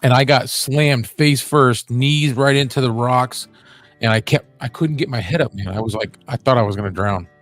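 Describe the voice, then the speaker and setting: An easygoing man with a mid-pitched voice recounts a story on a casual podcast. He talks plainly and swears now and then, with faint music behind him. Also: normal speed, fairly bright tone, no echo, clean studio sound. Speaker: podcast co-host. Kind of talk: casual conversation.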